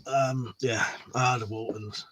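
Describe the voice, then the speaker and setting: A man's voice: mid-range voice, flat delivery, takes it slowly, a bit bright, slight background noise. A man hosting a casual live stream, rambling, swearing a lot and laughing as he reads out viewer comments. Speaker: livestream host.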